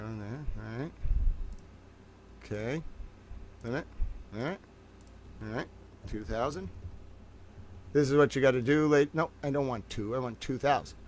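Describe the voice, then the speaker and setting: A man hosting a casual livestream, talking to his chat with theatrical mock outrage while fiddling with his computer. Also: mid-range voice. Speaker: livestream host.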